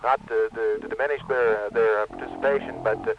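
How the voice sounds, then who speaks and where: A man's voice: on the low side, wildly swooping pitch, fast, creaky. A man reports a canoe race live from the water, rambling and full of fillers. His voice comes through a muffled, dull radio link with faint noise behind.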